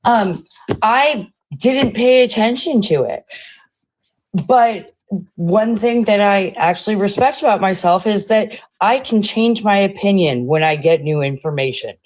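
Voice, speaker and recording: A woman's voice: mid-range voice, animated, a little slow, a little mellow. A woman calling into a live-stream debate and explaining her views earnestly. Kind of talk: political debate.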